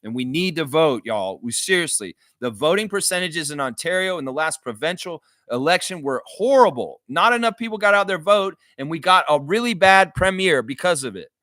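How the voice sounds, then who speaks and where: A man's voice: fairly high pitch, animated, moderate pace, few pauses, bright, forceful tone, no room sound, studio quality. A man hosting a live stream, reading chat comments and ranting bluntly with frequent swearing. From Canada.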